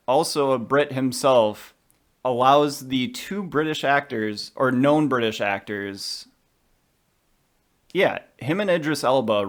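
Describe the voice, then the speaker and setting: A man's voice: medium pitch, fairly bright tone. A man co-hosting a podcast, chatting casually and with strong opinions about a film. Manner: chatty, opinionated, quick asides. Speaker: podcast co-host.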